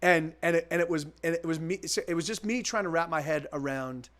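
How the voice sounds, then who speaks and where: Brisk and slightly high, with a fairly bright tone, this man in his forties is a musician talking casually to people watching his stream. He's rambling, with lots of restarts and repeats, and he swears freely.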